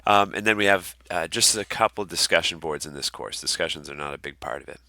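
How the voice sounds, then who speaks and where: A man teaching as an online course instructor in a casual walkthrough, relaxed with lots of ums and uhs. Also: low-pitched, fast, no room sound. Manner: relaxed, many ums and uhs, friendly asides.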